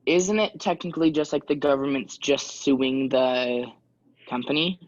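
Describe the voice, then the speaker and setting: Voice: mid-range voice, unhurried, no echo. A student asking a hesitant question in class. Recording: dull lo-fi classroom recording.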